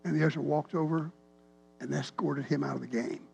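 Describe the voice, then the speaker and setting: A man, a pastor telling a rambling, animated story in a sermon. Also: on the high side, fairly quick, creaky, husky, faint music behind. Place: church sanctuary.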